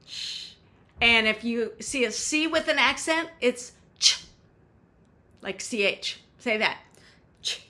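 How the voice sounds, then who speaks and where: A woman's voice: on the high side, lively intonation, unhurried, hardly any pauses, bright, forceful tone. A woman song leader teaching a folk song, explaining pronunciation step by step in an upbeat way.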